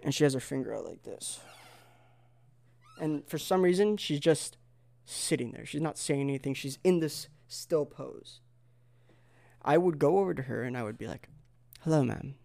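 A man with a somewhat high, gravelly voice rambles to his camera in a comic monologue. He leans on fillers and wanders off on tangents, now and then needling his viewers with sarcastic jabs. The sound is close and dry, with no room around it. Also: expressive, moderate pace, long pauses, darkish tone, no echo. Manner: digressive, filler-heavy, mock-insulting sarcasm. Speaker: vlogger.

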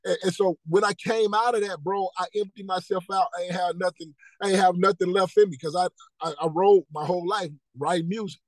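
A man's voice: high-pitched, steady tone, brisk, few pauses, no room sound, low-quality recording. A man, a podcast guest telling his life story earnestly, repeating key phrases and acting out the dialogue. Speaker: podcast guest, motivational speaker. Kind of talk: personal testimony in casual interview.

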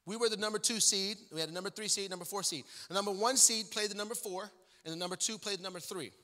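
A man's voice: high-pitched, fast, bright, forceful tone. A man who is a guest pastor, telling a joking story in a sermon with a loose, conversational manner full of fillers. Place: church sanctuary. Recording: long church-hall reverb.

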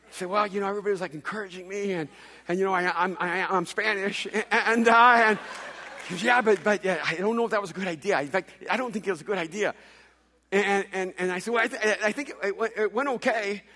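A man preaching a sermon, telling a story with playful humor and quick stammered restarts. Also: high voice, bright, forceful tone. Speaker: pastor. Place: large hall with long reverb. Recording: echoey hall reverb.

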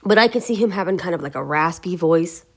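A woman's voice: fairly low pitch, animated, fairly quick, breathy edge. A woman hosting a gaming video, thinking aloud in a rambling, hesitant way as she searches for words. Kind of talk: casual talk to camera.

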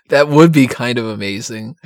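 A man's voice: mid-range voice, dry recording, clean studio sound. A man in casual wrestling podcast chat, rambling and profane, laughing often.

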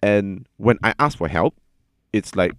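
A man telling a personal story in a casual chat, earnest and halting, often repeating his words as he gathers his thoughts. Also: on the low side, animated, smooth, no echo, studio quality.

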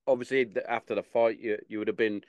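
Low-pitched man hosting a chat podcast, casual and repetitive, recorded dry. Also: steady tone, quick pace, no room sound, dull audio. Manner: casual, stammers and repeats words. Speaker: podcast host.

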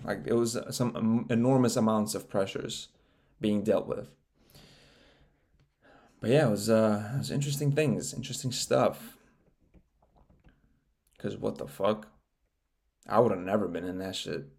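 A young man hosting a casual solo podcast, rambling with lots of swearing and frequent laughter, getting loud and animated when he gets worked up. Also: fairly low pitch. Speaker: podcast host.

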